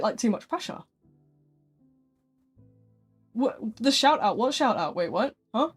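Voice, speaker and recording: With faint music behind, a streamer chats casually with viewers in a slightly rough, medium-pitched voice that swings widely in pitch at a normal speed. The chatter rambles, dotted with lots of "like"s and "um"s.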